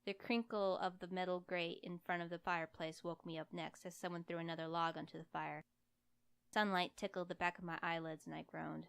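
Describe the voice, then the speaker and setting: A woman reads a first-person story aloud, her narration wry and lively. Her voice sits on the low side, smooth and clear. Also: brisk, dry recording. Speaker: audiobook reader. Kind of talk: first-person fiction reading.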